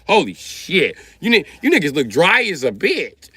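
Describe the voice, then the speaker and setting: A man's voice: a little high, wildly swooping pitch, moderate pace, hardly any pauses, breathy edge, no echo. Laughing, profane livestreamer man. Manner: loud, profane, laughing, mocking. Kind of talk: crude comedic rant on a livestream.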